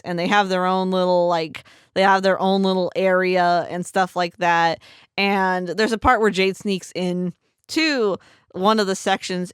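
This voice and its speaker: Her voice medium in pitch, clear and resonant, a young female podcast co-host animatedly walks through a scene from a video game in a relaxed way. She plays out the moments with character voices, and the audio is dry and studio grade.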